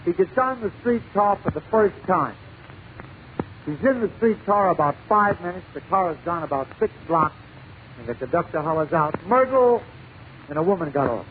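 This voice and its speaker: High-voiced 1940s radio comedian telling jokes. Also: male voice, lively intonation. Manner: punchy, brisk storytelling with dialect voices. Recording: tinny lo-fi 1940s radio broadcast with faint hiss.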